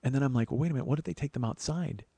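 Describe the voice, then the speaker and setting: A man's voice: mid-range voice, racing, vocal fry, slightly rough, no echo. A man in his forties hosting his own podcast and telling a long comic story about his day. He slips into the voices of everyone he talks about and curses freely, often starting sentences over. His voice sits in a medium range and is recorded close and completely dry. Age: 40s. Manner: animated, acts out both sides of conversations; swears casually, frequent restarts. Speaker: podcast host. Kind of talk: solo comedic storytelling.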